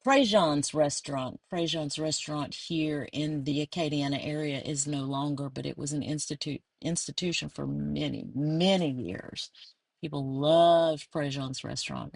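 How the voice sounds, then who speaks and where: A middle-aged woman with a South Louisiana accent talks in a casual, meandering way, fond and chatty. Her voice sits low, and the recording is close and dry with no room sound. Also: gravelly, breathy edge, no room sound. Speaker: crafter. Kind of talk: casual craft flip-through.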